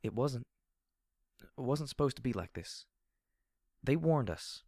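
Man doing a timid young pegasus mare, soft buzzing drawl, trembling halting delivery, raised pitch, dry close sound. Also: expressive, dry recording. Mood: shaky, distressed. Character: fragile young female pegasus soldier. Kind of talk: audiobook character reading.

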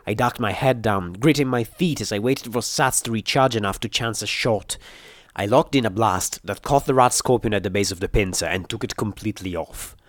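A man reading an action story aloud in first-person narration, with steady, dramatic storytelling. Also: lowish voice, brisk, no echo. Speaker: audiobook reader.

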